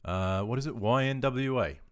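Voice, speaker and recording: An Australian man streaming live, chatting casually in a relaxed, rambling way with frequent ums and chuckles. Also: mid-range voice, moderate pace, dry recording, clean studio sound.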